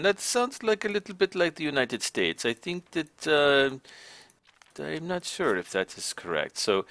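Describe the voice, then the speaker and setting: A man's voice: a little high, a bit bright, no room sound. A man streaming a game live, talking to the on-screen travelers in a stiff, formal border-inspector manner. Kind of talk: live gameplay commentary.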